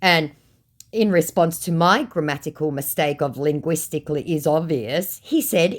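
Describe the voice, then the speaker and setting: Older lady reading a chat log, low voice, sarcastic and dry, very lively pitch. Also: moderate pace. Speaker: scam baiter.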